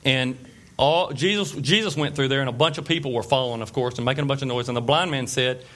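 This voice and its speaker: A man's voice: medium pitch, quick pace, a bit bright. Man preaching a chatty sermon. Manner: conversational storytelling with fillers and asides; checks in with the listeners. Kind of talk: informal sermon.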